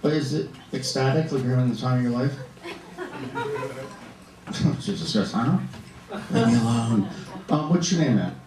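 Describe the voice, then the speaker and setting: A man doing stand-up comedy in a comedy club, camp and animated, bantering with the audience. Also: medium pitch, normal speed, long pauses, crowd noise. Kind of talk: stand-up comedy with crowd work. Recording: echoey club heard from a distance, audience laughter. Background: audience laughing.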